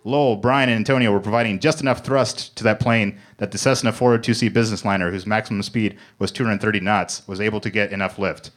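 A man reading comic fiction aloud in a mock-serious deadpan on a comedy club stage. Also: lowish voice, fast talker, few pauses. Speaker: comedy reader.

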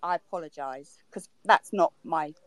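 A woman's voice: low voice, moderate pace, no room sound. A woman in a heated online group argument, exasperated and defensive, her voice leaping up when she is upset. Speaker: participant in a social audio chat.

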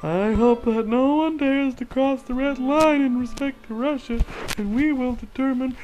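Man doing a jokey stern-leader bit, pushed way up high and emphatic. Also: moderate pace, darkish tone, highs cut off, faint music behind. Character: a politician giving stern warnings, in a mock voice.

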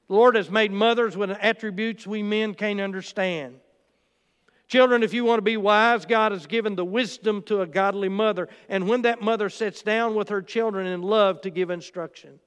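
Male preacher, high smooth voice, storytelling sermon delivery, long hall reverb. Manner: storytelling with quotes and asides.

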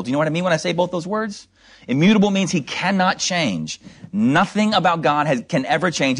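A man's voice: fairly high pitch, husky. A man preaching an expository sermon, explaining scripture verse by verse with rhetorical questions and mocking asides.

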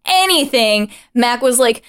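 A young woman co-hosting a podcast in casual chat, excitable, laughing often and swearing freely. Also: a little high, unhurried, smooth. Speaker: podcast co-host.

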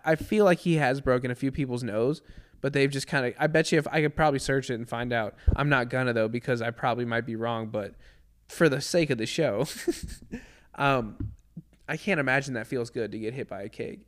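A man hosting a casual podcast chat, animated and laughing often, with plenty of slang asides. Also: mid-range voice, fairly quick. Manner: laughs often, says "bro" and "dude" a lot, animated. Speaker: podcast host.

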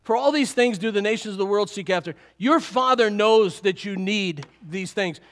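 A middle-aged man preaching a sermon to a congregation, lively and animated, often chuckling. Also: high voice, normal speed. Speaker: pastor.

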